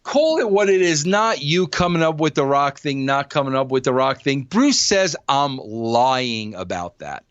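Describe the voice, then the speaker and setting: A man's voice: medium pitch, unhurried, hardly any pauses, clear, resonant tone, no room sound, highs cut off. An older man hosting a podcast, talking bluntly and with energy, with "bro" in almost every thought. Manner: blunt, animated, says "bro" often. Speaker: podcast host. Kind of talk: casual podcast talk.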